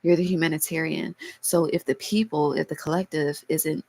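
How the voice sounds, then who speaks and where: A woman reads tarot in a casual, heartfelt way, talking straight to her viewers and swearing freely. She is holding back tears, so her voice cracks now and then. Her voice sits very low and has a heavy gravelly fry. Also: steady tone, moderate pace, darkish tone, dry recording, low-quality recording. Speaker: tarot reader. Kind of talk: casual tarot reading vlog.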